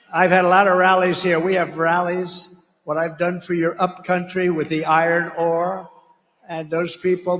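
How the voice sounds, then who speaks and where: A man's voice: a little high, fairly bright tone. A man speaking as a political candidate at a campaign rally, blunt and rambling, full of asides and name-calling. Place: large rally venue. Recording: echoey rally hall reverb.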